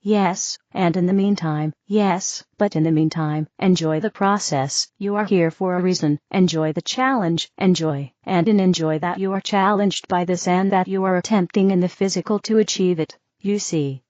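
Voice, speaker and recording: A woman's voice: on the low side, moderate pace, few pauses, a little mellow, no echo, lightly acted. A woman voicing a serene, reassuring female spirit teacher who keeps saying "you see", in a dull, dry recording. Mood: soothing.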